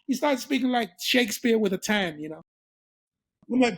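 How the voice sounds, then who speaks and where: Animated, laughing male storyteller. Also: very high voice, normal speed, slightly rough. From England. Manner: animated, laughing, acts out voices. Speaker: guest. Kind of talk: storytelling in a casual interview.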